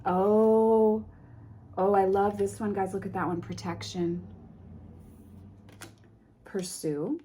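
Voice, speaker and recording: A woman vlogging an unboxing of a card deck, reading card names softly and gushing with emotion. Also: medium pitch, steady tone, takes it slowly, pauses often, slight background noise. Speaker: tarot vlogger. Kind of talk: casual unboxing vlog.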